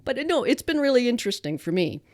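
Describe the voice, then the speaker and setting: A woman's voice: fairly high pitch, very animated, fast, a little mellow. A woman with a Nova Scotian accent, co-hosting a podcast from home in a casual, chatty way with frequent restarts. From Canada. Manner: chatty, laughs easily, many restarts. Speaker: podcast co-host.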